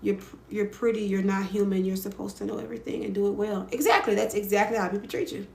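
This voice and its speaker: A woman's voice: medium pitch, fast talker, gravelly, roomy sound. A woman with a Louisiana accent hosting a livestream and giving advice in a blunt, sassy, profane way, often tagging on "right?". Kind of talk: casual livestream advice talk.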